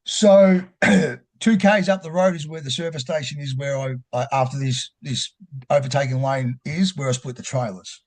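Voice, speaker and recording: Australian man, rambling storyteller, halting, swears a lot, middle pitch. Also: fairly even intonation. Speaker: podcast guest. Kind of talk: candid personal storytelling.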